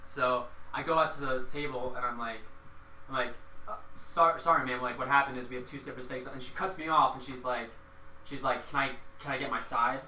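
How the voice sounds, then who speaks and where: Bright-voiced young man telling a work story. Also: medium pitch, fairly even intonation, brisk, a little hiss or hum. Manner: rambling, lots of fillers and quoted dialogue. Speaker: restaurant server. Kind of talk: casual storytelling chat. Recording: echoey room, mic at a distance.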